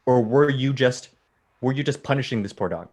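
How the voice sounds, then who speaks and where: A man's voice: medium pitch, moderate pace, a little mellow. A man co-hosting a podcast, thinking aloud and rephrasing his questions. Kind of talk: podcast discussion.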